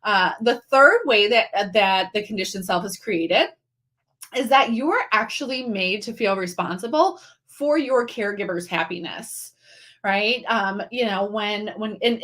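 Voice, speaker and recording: Middle-aged woman doing a live coaching stream, chatty, lots of ums and restarts, says hi to viewers. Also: medium pitch. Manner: warm, conversational, many fillers and restarts, greets viewers by name. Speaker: coach running a live online training. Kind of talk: live-streamed teaching talk.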